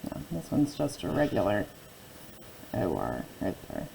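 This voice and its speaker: Slow, gravelly woman teaching a phonics lesson. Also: a bass voice, wildly swooping pitch, dark tone, slight background noise, low-quality recording. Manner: slow, patient, repeating words and asking questions.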